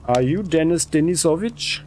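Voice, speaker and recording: A man reading aloud the lines of a calm, measured gang boss from a game, in his own plain voice. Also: fairly high pitch, a little hiss or hum, close to an everyday voice.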